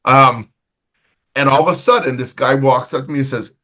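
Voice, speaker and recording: Host casting: brash, swearing American guy running the show, mid pitch, jokey banter. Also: brisk. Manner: loud, profane, laughing often. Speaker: podcast host. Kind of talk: casual banter and storytelling.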